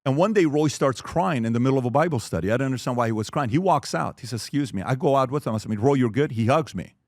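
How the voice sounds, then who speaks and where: A man's voice: medium pitch, expressive, fast, a little mellow, no echo, clean studio sound. A man in his forties giving an earnest motivational talk on fatherhood and asking the audience questions. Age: 40s. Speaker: speaker.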